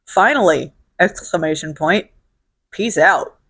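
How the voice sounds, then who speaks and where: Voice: medium pitch, measured pace, a bit bright, no room sound. A vlog host from Illinois works through a list of questions, cursing freely and cracking dry, sardonic asides. The voice sits in a middle range. It is recorded close and dry, with no room sound. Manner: blunt, profane and sardonic. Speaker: show host. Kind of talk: casual solo question-and-answer vlog.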